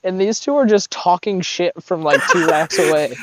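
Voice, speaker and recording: A man's voice: sits high, sing-song, normal speed, background noise. A man telling rambling, profane boot camp stories in a casual podcast chat, laughing often.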